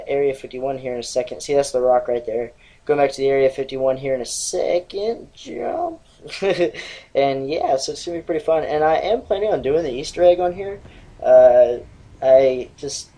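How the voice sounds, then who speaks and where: A young man in his twenties chats through his gameplay in a loose, rambling way. He swears freely, laughs between thoughts and drifts off into stories. His voice sits at an everyday middle pitch. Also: dark tone, low-quality recording. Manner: rambling, profane, laughs often. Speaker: gaming channel host. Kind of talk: casual gameplay commentary.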